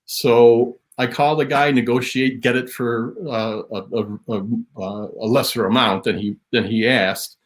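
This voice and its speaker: Man, interview guest, memorabilia historian, animated anecdote, mid pitch. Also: unhurried, few pauses. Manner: animated storytelling, voice rises on quotes.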